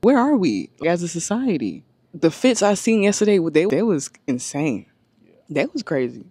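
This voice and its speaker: A woman in casual chat, talking in a chatty, animated way and laughing often. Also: lowish voice, normal speed, breathy edge, dry recording. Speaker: guest.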